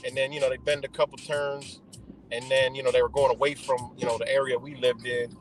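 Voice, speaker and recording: A man telling a casual, profane, animated story while driving. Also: mid-range voice, fairly quick. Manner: profane, animated, acts out the other people's lines.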